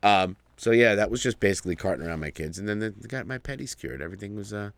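A man's voice: fairly low pitch, animated, fast talker, no echo. A middle-aged man hosting a podcast in casual banter, rambling, swearing freely and laughing often. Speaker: podcast host.

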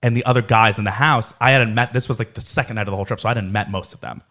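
A man's voice: lowish voice, very fast. Young man telling a profane story. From South Florida. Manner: profane, animated anecdote telling with acted quotes. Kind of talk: casual storytelling chat.

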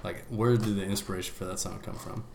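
A man hosting a casual podcast, friendly and quick to laugh as he introduces a song. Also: fairly low pitch, fairly even intonation, vocal fry, darkish tone, echoey room, a little hiss or hum. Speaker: podcast host.

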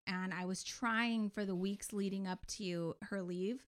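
A woman's voice: mid-range voice, fairly even intonation, unhurried, hardly any pauses. A woman co-hosting a podcast, telling a heartfelt story in a chatty, emotional way. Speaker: podcast co-host and parent. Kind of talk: casual chat.

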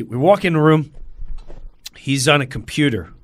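A middle-aged man telling a story in a casual chat, animated and acting out every voice. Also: medium pitch, normal speed, dry recording.

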